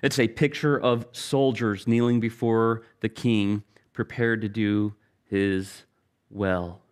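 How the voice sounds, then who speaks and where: A man's voice: lowish voice, fairly even intonation, clean tone. Earnest middle-aged male preacher. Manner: earnest, storytelling, slows down for key phrases. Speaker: pastor. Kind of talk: sermon.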